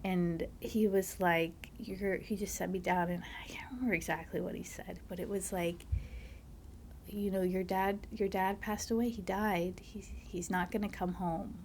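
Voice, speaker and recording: A woman, a mother, talking as a podcast guest, soft-spoken and halting, with many fillers and breathy, near-whispered stretches. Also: medium pitch, fairly even intonation, slight background noise. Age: adult, a mother. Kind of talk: casual conversation, personal storytelling.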